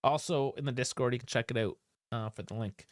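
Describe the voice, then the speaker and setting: A man's voice: mid-range voice, fairly quick, no echo, clean studio sound. Profane, frustrated male stream host. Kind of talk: casual live-stream post-match rant.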